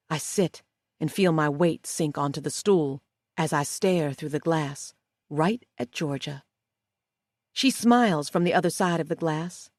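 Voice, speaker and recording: A woman narrating a first-person psychological thriller audiobook in a steady, measured way. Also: deep voice, no room sound, clean studio sound.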